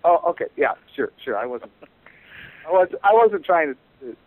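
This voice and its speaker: A man asking theological questions, hesitant and halting with many restarts. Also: on the high side, big pitch swings, dry recording. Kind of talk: theological discussion. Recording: tinny phone line.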